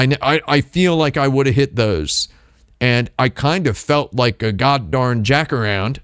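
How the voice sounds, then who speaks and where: A man hosting a live stream, talking in a rambling, deadpan comedic monologue and playing with made-up words. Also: dry recording, clean studio sound. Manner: deadpan, playful with invented words, lively pitch swings. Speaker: streamer host.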